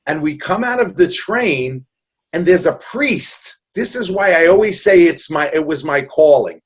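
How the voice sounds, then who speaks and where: With a breathy edge to his slightly high voice, this man speaks expressively and without hurry. He's a New Yorker in his sixties telling stories as an interview guest, earnest and jokey, with plenty of rambling restarts.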